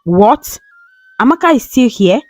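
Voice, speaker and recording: A woman's voice: medium pitch, lively intonation, moderate pace, mellow, dry recording, soft background music, close to an everyday voice. A woman voicing a flustered, impatient young man who runs a company, in a storybook reading. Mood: alarmed. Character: young male boss, easily stressed.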